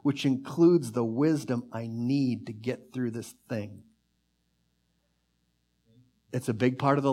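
A man preaching a sermon, fervent and earnest, surging up in bursts and dropping to soft, drawn-out lines. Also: medium pitch. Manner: fervent, pace and volume swell then drop to soft near-whisper.

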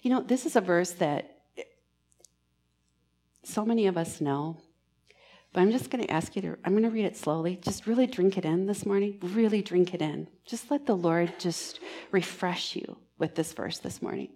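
A woman preaches a sermon in church, earnest and pastoral, shifting between emphatic lines and hushed, almost whispered ones. Her voice is lowish and her pace normal.

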